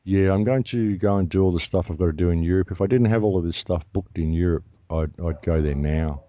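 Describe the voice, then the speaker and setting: A man's voice: sits low, fairly quick, no room sound, highs cut off. A man, talking emphatically and indignantly as a guest in an interview. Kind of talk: heated interview talk.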